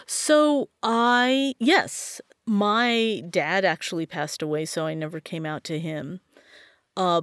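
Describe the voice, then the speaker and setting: A woman guest on a podcast interview, telling a personal story in an animated way and acting out what others said. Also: medium pitch, dry recording, studio quality. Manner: animated, acts out quotes in a lively way.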